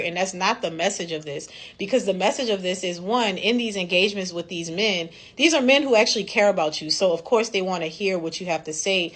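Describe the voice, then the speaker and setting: A woman chatting casually to camera about a book, talking the topic through and slipping into quick acted-out voices when she quotes people. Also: mid-range voice. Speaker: book club member reviewing a book.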